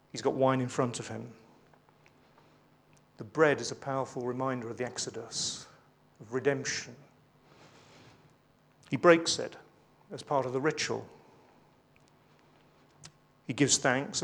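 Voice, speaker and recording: A man preaching a sermon, reading scripture aloud with emphasis between conversational asides with light humour. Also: mid-range voice.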